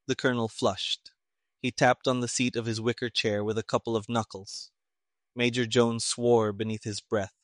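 A man narrating a story in a measured, even way. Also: mid-range voice, dry recording, studio quality.

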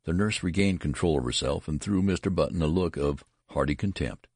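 A man narrating an audiobook story in a measured, expressive way. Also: very deep voice, husky, dry recording, clean studio sound.

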